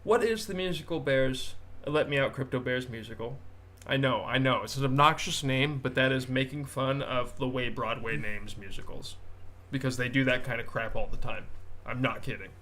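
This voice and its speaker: This podcast host has a medium-pitched, slightly bright voice and talks at a moderate pace with almost no pauses. In casual chat he rambles, pokes fun at himself, and laughs at his own jokes.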